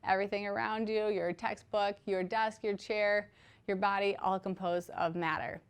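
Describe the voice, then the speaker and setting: A woman's voice: mid-range voice, fairly even intonation, moderate pace, clear, resonant tone. Woman, chemistry teacher, recorded video lecture, conversational, patient, everyday examples. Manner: conversational, frequent "okay?" check-ins.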